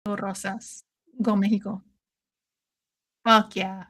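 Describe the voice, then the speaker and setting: A woman hosting a casual watch-along stream, excitable and swearing freely, calling everyone "dude" while taking shots. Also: medium pitch, slow. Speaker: livestream host.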